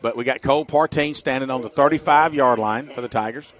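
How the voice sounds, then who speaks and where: A middle-aged man giving chatty, folksy color commentary on a high school football game for radio. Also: a little fast, fairly bright tone. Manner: folksy, chatty, jokey asides.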